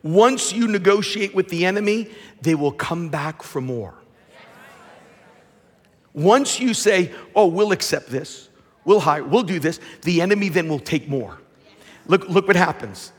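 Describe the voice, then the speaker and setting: Man, pastor, fervent sermon, husky voice, fairly high pitch, long hall reverb. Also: expressive, a little slow. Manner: fervent preaching, restarts and repeats words.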